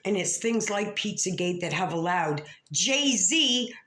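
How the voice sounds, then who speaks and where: A woman's voice: mid-range voice, expressive, slow pace, fairly bright tone. Woman ranting in an echoey room. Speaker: vlogger calling out other creators. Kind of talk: rambling profane rant to camera.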